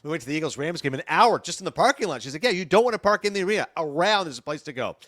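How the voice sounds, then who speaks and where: Middle-aged guy rattling off a story quick, acts out all the lines, pretty high voice. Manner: animated, acts out dialogue in his anecdotes. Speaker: sports broadcaster guest. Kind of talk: podcast storytelling.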